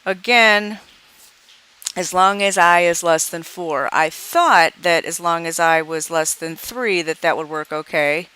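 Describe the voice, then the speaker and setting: A woman's voice: on the low side, fairly even intonation, measured pace, bright, forceful tone, smooth. A woman walking through a coding example in a screencast tutorial, thinking aloud as she debugs and reads out dialog lines. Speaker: programming teacher.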